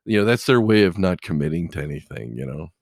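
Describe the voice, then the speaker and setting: A man's voice: sits low, expressive, quick pace, gravelly, no room sound, studio quality. A middle-aged man, a truck driver, chatting casually and telling rambling stories full of "you know". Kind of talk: casual chat.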